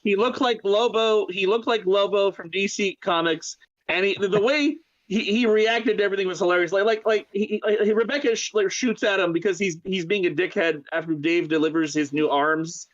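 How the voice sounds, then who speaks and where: A man co-hosting a podcast in casual chat, excitable and stumbling over his words. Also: sits high, a little fast, highs cut off. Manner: excitable, stammering restarts. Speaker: podcast co-host.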